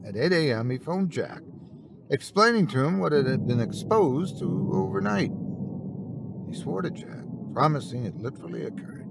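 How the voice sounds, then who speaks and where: A man hosting and narrating a horror story in a theatrical, drawn-out manner. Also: medium pitch. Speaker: host and narrator. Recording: noisy recording.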